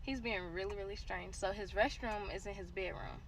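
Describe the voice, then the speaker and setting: A woman's voice: medium pitch, fairly even intonation, moderate pace, a little hiss or hum. A young woman telling a dramatic personal story straight to her viewers in a casual storytime vlog. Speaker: storytime vlogger.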